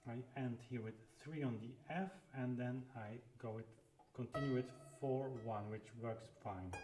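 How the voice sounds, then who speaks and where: A man talks through a keyboard lesson in a calm, unhurried way, working out each fingering step aloud. His voice sits at an ordinary middle pitch. The room is roomy and echoey, and keyboard playing sounds loudly behind him. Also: loud music behind the voice. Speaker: keyboard teacher. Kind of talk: live practice lesson, thinking aloud. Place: room with a clavichord.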